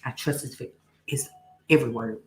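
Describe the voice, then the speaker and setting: A woman's voice: very deep voice, moderate pace, low-quality recording. A young woman hosting a casual live stream, greeting viewers by name and testifying about her faith. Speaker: livestream host.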